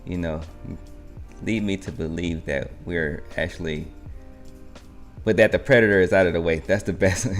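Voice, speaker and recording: A man hosting a live trading stream, narrating market moves in a rambling, think-aloud way. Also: deep voice.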